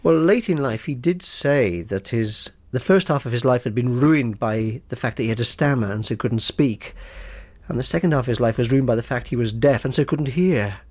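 A man's voice: medium pitch, moderate pace, darkish tone. Man, academic, interview, explanatory lecturing tone. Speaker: university academic. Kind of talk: interview commentary.

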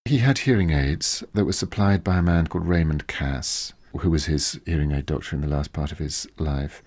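A man's voice: very deep voice, normal speed, a little mellow, dry recording, studio quality. A biographer, a man, talking reflectively in an interview and thinking aloud with small restarts. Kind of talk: interview commentary.

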